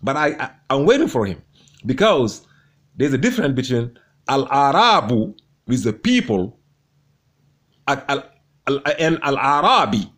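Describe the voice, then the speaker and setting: A man's voice: mid-range voice, big pitch swings, unhurried, long pauses, fairly bright tone. A man commenting on a debate, gloating and mocking his opponent with much repetition. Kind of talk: commentary over debate clips.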